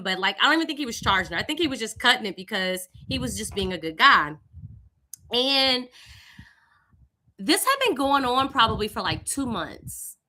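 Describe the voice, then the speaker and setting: A young woman from Louisiana with a Southern accent, hosting a live stream and telling a personal story in an animated, conversational way. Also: a little high, a little hiss or hum. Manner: animated, conversational, with lively voiced greetings. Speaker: host.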